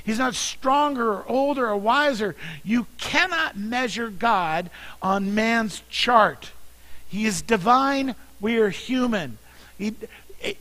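A man's voice: sits high, sharp tone, poor audio. A man preaching a sermon as pastor, earnestly reading scripture and repeating words for emphasis.

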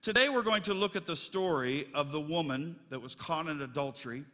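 A man's voice: on the high side, a little fast, bright, forceful tone. A middle-aged man preaching a sermon as pastor, telling folksy stories with lots of fillers. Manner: folksy, chatty storytelling with many fillers. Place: church sanctuary. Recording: long church reverb.

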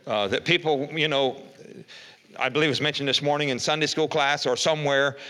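A man's voice: on the high side, steady tone, brisk, bright, forceful tone. An older man preaching a folksy evening sermon, reading scripture aloud and asking rhetorical questions. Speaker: pastor.

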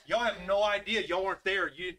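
A man's voice: sits high, fairly quick, bright, forceful tone. A middle-aged man preaching a casual, conversational sermon full of folksy asides. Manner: folksy, conversational, with Southern "y'all". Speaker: pastor.

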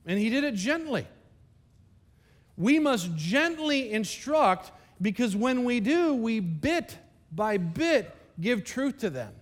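A man's voice: very high voice, big pitch swings, unhurried. A man preaching a sermon at a church service, talking conversationally and with energy, often turning to the congregation with asides. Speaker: pastor.

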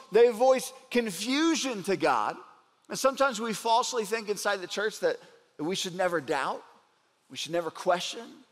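A man preaching a sermon as a pastor, earnest and slowing down to stress points. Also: very high-pitched, fairly bright tone, big-room sound. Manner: earnest preaching, slows down for emphasis.

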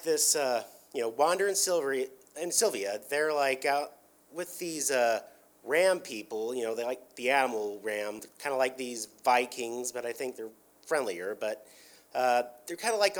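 A man casually retelling a cartoon episode, rambling with lots of filler words and restarts. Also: medium pitch.

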